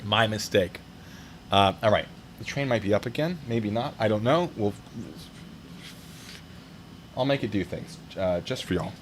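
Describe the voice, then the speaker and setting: A man's voice: fairly low pitch, animated, unhurried, pauses often, slight background noise. A man streaming live, reading reader stories aloud and reacting to them and to chat in a chatty, wry way. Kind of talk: casual live-stream commentary.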